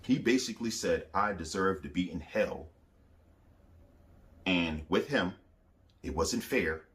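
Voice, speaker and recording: A man's voice: sits low, animated, slow, fairly bright tone. A man giving a spoken religious testimony, telling his story emphatically and repeating phrases as he acts out the voices he quotes. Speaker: Christian testifier.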